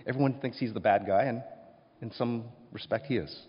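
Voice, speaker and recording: A male pastor preaching a sermon, swinging between hushed and loud passages and acting out voices. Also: mid-range voice, brisk, breathy edge. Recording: dull sound with long hall reverb.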